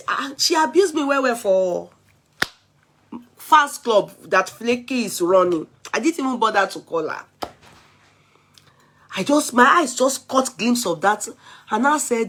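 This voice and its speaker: A Nigerian woman with a somewhat high-pitched voice talks straight to her viewers in a loose, animated rant. She mixes English, Yoruba and pidgin as it flows. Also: slow pace, long pauses, breathy edge. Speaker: vlogger. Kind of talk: casual chatty rant.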